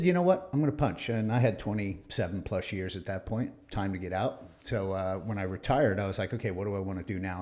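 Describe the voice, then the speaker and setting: A middle-aged man on a casual podcast, spinning long anecdotes and jumping into the voices of the people in them. His voice sits a little low, and his delivery stays lively and conversational. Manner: animated storyteller acting out quoted exchanges. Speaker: guest.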